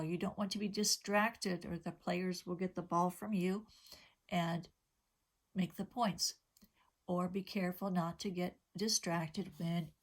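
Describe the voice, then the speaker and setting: A middle-aged woman with a slightly low voice teaches vocabulary to young children. She talks patiently and simply, asking questions and giving everyday examples for each word. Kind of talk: elementary vocabulary lesson.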